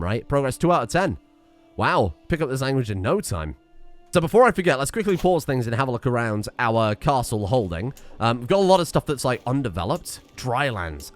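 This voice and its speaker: A man giving casual commentary while playing a strategy game, thinking aloud and adding wry asides. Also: medium pitch. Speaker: let's play streamer.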